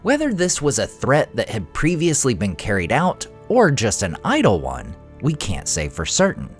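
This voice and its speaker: A man hosting a fantasy lore channel, giving expressive scripted narration. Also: medium pitch, normal speed, soft background music.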